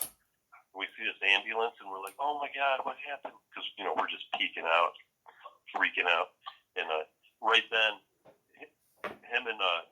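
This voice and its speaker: A man's voice: on the low side, sharp tone, poor audio. A man on a podcast telling a rambling, profane story in a casual way, laughing often. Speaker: podcast co-host.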